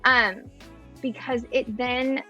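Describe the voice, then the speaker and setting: A woman's voice: on the high side, steady tone, takes it slowly, pushed and bright, highs cut off, soft background music. A woman in her thirties, a mother talking on a podcast in a thoughtful way with many fillers and restarts. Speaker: podcast guest. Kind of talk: casual podcast chat.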